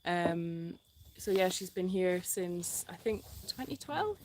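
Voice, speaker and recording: This is a chatty, hesitant woman with a lowish voice, chatting through a live stream outdoors. There is a faint background hiss, and she fills her pauses with "um"s while stopping to call the dogs. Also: lively intonation. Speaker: animal sanctuary co-host. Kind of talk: casual live-stream chat, reading viewer comments.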